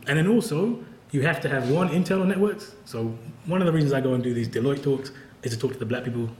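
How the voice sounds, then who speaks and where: A professor and author gives a conversational talk at a book event, speaking candidly and wryly and laughing often. His medium-pitched voice is a little mellow and he talks fast. The recording has a roomy event-hall sound.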